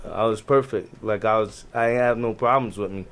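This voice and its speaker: A man's voice: lowish voice, a little fast, clean tone. A man with a New York accent, a podcast guest telling military stories in casual slang, often restarting his sentences. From Jamaican family. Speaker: podcast guest, navy veteran. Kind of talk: casual storytelling chat.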